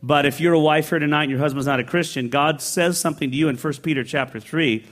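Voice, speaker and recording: A middle-aged man preaching a sermon as a pastor, telling stories in a lively, conversational way that builds to excited peaks. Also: a little high, fast. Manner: storytelling, rising to excited peaks. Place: large church sanctuary.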